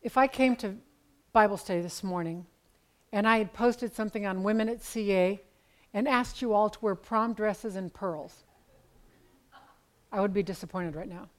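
A woman's voice: medium pitch, moderate pace, long pauses, low-quality recording. Woman, 70s, Bible study teacher; candid, conversational storyteller with dry self-deprecating humor.

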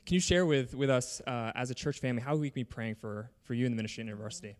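Male church host, mid-pitched voice, earnest, leads the congregation in prayer. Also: rapid-fire. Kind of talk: introducing guests and leading prayer.

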